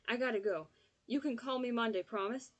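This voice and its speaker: A woman's voice: on the high side, a little fast, a bit bright, pitched above the performer's own voice. A woman voicing an anxious middle-aged woman talking urgently on the phone.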